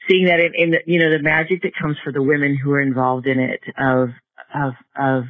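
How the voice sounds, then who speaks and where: A man being interviewed, telling a story in a halting way with many restarts and repeated words. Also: a little high, little pitch movement. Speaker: guest, project organizer. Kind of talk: storytelling in conversation. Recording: narrow phone-like line.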